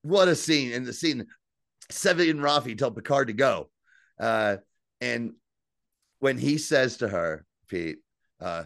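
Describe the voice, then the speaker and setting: A man co-hosting a podcast, casually and excitedly recapping scenes, swearing freely and quoting lines. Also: mid-range voice, a little slow, gravelly, long pauses, no echo, clean studio sound. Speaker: podcast co-host. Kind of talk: casual chat.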